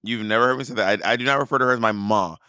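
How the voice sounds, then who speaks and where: A man's voice: lowish voice, racing, sharp tone, smooth, dry recording, clean studio sound. A man co-hosting a podcast in casual chat, blunt and argumentative with a sassy edge. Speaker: podcast co-host.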